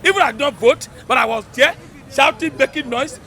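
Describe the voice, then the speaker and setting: A man with a Nigerian accent, talking loudly and emphatically in a rambling street interview. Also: extremely high pitch, moderate pace. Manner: fervent, loud, rambling and emphatic. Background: crowd noise.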